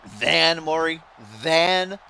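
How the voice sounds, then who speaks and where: A young man doing excited, exasperated play-by-play commentary while playing a wrestling video game, laughing at the mistakes. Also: fairly high pitch, extremely slow, vocal fry, clear, resonant tone. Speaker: gaming YouTuber.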